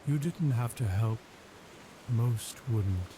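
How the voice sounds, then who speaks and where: A man's voice: mid-range voice, takes it slowly. A man reading as a weary shipwrecked hero. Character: weary shipwrecked male hero, humble and hoarse. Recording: steady ambient background noise.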